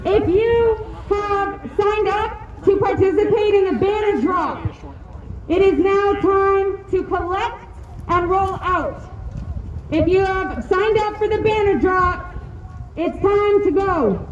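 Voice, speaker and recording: A woman emceeing an outdoor protest rally, introducing speakers in a brisk, rousing way. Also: very high-pitched, dull audio. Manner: brisk, rousing, announcing to a crowd. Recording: echoey open-air PA with crowd noise.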